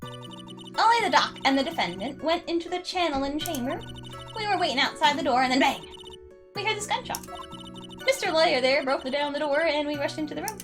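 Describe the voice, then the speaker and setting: A woman's voice: high-pitched, expressive, brisk, over music. Lotta Hart, a woman doing a folksy Southern drawl. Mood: storytelling. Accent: put-on American Southern drawl. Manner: folksy, loud, exclamatory. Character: brash young Southern woman photographer.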